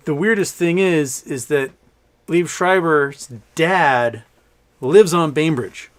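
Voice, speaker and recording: Rambling man hosting a live stream. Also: fairly high pitch. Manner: rambling, reading chat aloud, laughs often. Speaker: livestream host. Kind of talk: casual live-stream chat.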